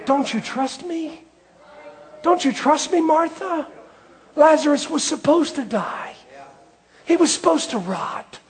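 A male preacher voicing Jesus as a gentle, reassuring divine figure speaking to a believer. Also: extremely high pitch, expressive, takes it slowly, long pauses, pitched above the performer's own voice, heavily acted. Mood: tender. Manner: hushed, tender reassurance.

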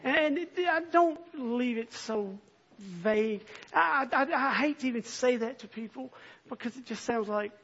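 High-voiced impassioned preacher man. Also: normal speed, slightly rough. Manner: earnest, swells from soft reading to impassioned near-shouting. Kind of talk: sermon. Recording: dull lo-fi recording.

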